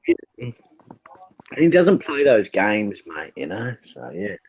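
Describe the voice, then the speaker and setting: A man's voice: fairly low pitch, sing-song, takes it slowly, a little mellow, husky, muffled recording. An easygoing man with an Australian accent, a guest chatting casually and saying "mate" often. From Western Australia. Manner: easygoing, says "mate" a lot. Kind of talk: casual chat.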